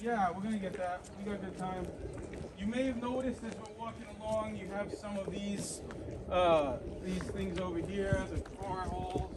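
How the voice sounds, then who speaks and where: High-voiced Boston man guiding a tour. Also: normal speed. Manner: animated, persuasive, points things out on site. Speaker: tour guide and host. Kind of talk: walking tour explanation. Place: outdoors at an ancient site. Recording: outdoor traffic noise behind.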